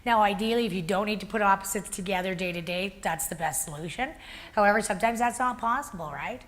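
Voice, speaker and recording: A woman leading a workplace workshop, explaining ideas and telling animated stories to a group in a meeting room. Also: medium pitch, fast. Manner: animated storytelling with acted-out quotes. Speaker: workshop facilitator. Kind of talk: workshop teaching.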